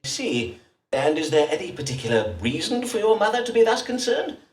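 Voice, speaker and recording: An actor playing a self-important Elizabethan astrologer-doctor in a game, speaking in grand, archaic phrases. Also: male voice, high voice, very animated, fairly quick, echoey room, far from the mic, a little hiss or hum. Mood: grandiloquent. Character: pompous Elizabethan astrologer-doctor, adult man.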